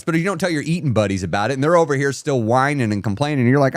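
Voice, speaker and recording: A man's voice: mid-range voice, lively intonation, very fast, hardly any pauses, dry recording, studio quality. A man hosting a weight loss live stream, giving an emphatic, repetitive motivational talk and reading out viewer comments.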